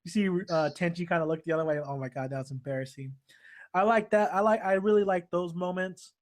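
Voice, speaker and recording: Rambling, excitable podcast host man. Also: high-pitched, fairly quick. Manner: rambling, excitable, swears and laughs. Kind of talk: casual chat.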